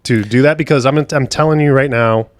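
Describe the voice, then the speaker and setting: A man co-hosting a podcast talks bluntly and swears freely in a casual chat. His voice sits at a middling pitch. The recording is dry, with almost no room sound. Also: fairly quick, no echo. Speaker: podcast co-host.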